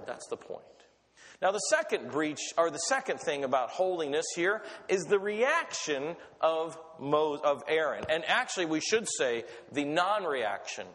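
A man preaching a sermon in an animated, conversational way, often asking his listeners questions. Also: a little high, long reverb tail. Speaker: pastor.

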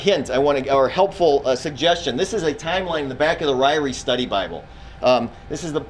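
A man's voice: a little high, slight background noise, rough recording. A man teaching a Bible class in a classroom, talking casually, quizzing his students and often restarting his sentences.

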